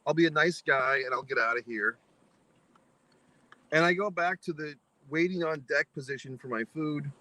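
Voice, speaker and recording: A man's voice: a little high, moderate pace, bright, forceful tone, rough recording. A man vlogging a foul-mouthed, exasperated anecdote, mock-philosophical as he spells out its lessons. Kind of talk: profane ranting anecdote to camera.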